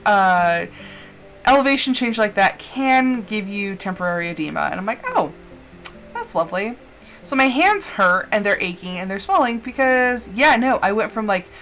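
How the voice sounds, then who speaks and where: Woman game streamer, rambling chatty delivery, lively up-and-down pitch, a bit high, faint music behind. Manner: rambling, chatty storytelling with frequent fillers; animated, playfully dramatic. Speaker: livestreamer playing a farming game. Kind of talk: casual chat while gaming.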